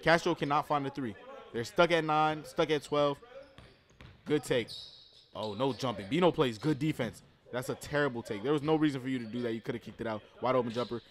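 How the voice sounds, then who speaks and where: Male streamer, casual basketball reaction commentary, slangy and excitable. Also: mid-range voice, brisk. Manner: excitable, loud outbursts, slangy.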